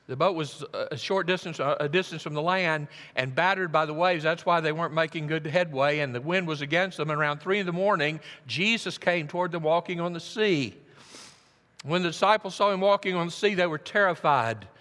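A man preaching a sermon, telling the story dramatically and swinging from hushed tones to loud emphasis. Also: fairly high pitch, fairly quick, big-room sound. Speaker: pastor. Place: church.

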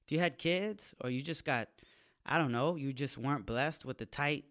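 Fairly high-pitched and fairly bright, this man talks at normal speed. He's a comedian hosting his podcast, performing a relaxed, raunchy monologue full of slang and acted voices.

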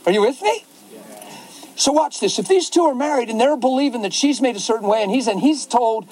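Man preaching fervently in a high voice. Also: expressive, brisk, darkish tone, rough recording. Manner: fervent, rising to emphatic exclamations. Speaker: pastor. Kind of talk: impassioned preaching in conversation.

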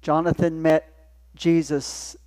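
A male pastor delivers a sermon in church, with a voice that sits slightly high. He talks to the congregation plainly and conversationally, asking rhetorical questions and letting points sink in. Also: little pitch movement, slow, a little mellow.

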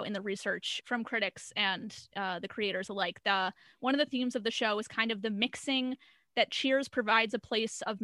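A young woman with a bright, clear voice talks through a sitcom episode in a relaxed podcast chat. She slips into quick impressions of the characters and laughs often. The sound is close and dry. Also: medium pitch, dry recording. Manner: animated storyteller, acts out quotes, laughs often. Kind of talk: casual chat.

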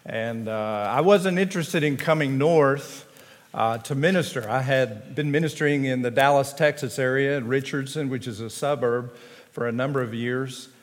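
A man in his fifties with a Tennessee accent, a pastor telling folksy stories at a chapel address, with halting restarts. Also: mid-range voice. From Tennessee, USA. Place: large chapel. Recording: long hall reverb.

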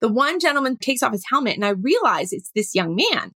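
A middle-aged woman, a workshop facilitator telling a story with animated, acted-out dialogue. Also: on the high side, a little fast, no echo. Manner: animated, acts out dialogue in her stories. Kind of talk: storytelling talk.

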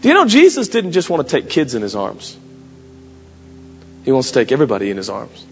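A man in his thirties preaching a sermon with passion, his voice climbing to shouts and dropping to quiet asides. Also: medium pitch, huge pitch swings, a little fast. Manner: impassioned preaching, rising to shouts. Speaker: pastor. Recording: long hall reverb, music behind.

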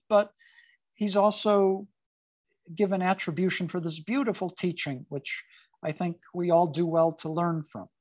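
A speaker gives an informal sermon on a Jewish text, mixing it with chatty, wry asides. The voice is mid-pitched and sits close on a dull, lo-fi track. The sound is dry, with no room echo. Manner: conversational, with casual asides and fillers. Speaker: speaker giving a Torah talk.

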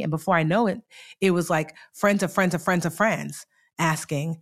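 Woman in her forties, interview guest, animated and chatty, slightly low pitch. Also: normal speed. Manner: animated, chatty, lots of fillers. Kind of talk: casual storytelling.

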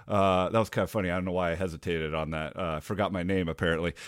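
A man from Oregon speaks in a fairly low voice, pausing and restarting as he thinks out loud. The sound is dry and close, with no trace of the room. He talks in an easygoing, conversational way. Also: steady tone, smooth, dry recording. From Oregon, United States. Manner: hesitant, thinks aloud with many fillers and restarts. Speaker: podcast co-host. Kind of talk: casual conversation.

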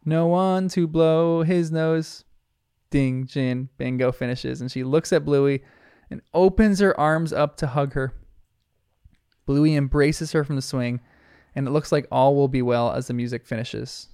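A man's voice: mid-range voice, fairly even intonation, normal speed, vocal fry, clean tone, no room sound, studio quality. A man giving an earnest, reflective episode recap commentary as a show reviewer. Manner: earnest, reflective retelling with soft laughs.

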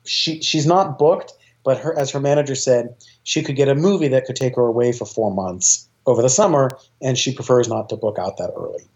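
A man's voice: mid-range voice, brisk, hardly any pauses, darkish tone, lo-fi sound. A man, a choir director, talking as an interview guest, eager and rambling, with lots of fillers and restarts. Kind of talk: casual interview talk.

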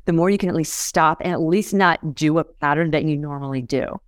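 A woman's voice: sits low, a little fast, no room sound. A woman who is a podcast guest, explaining in a conversational way and often checking in with listeners by asking if it makes sense. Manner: keeps checking in with listeners, "you guys", "does that make sense".

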